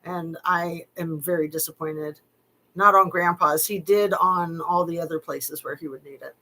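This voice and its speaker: A woman's voice: lowish voice, fairly even intonation, normal speed, sharp tone, low-quality recording. A middle-aged woman reading text messages aloud and commenting on them casually, with wry, skeptical asides and frequent fillers. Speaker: true-crime commentator.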